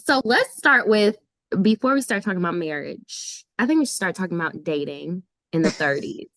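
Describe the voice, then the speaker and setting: A woman's voice: on the low side, animated, moderate pace, a bit bright, dry recording, studio quality. A woman who just turned thirty, co-hosting a casual podcast chat and asking earnest, searching questions. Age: 30s. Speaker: podcast co-host.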